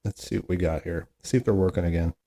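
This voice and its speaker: A man's voice: sits low, fairly even intonation, fast, noisy background. A man hosting a solo comedy podcast, reading corny jokes aloud with chatty, self-mocking asides and groans at how bad they are. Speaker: podcast host.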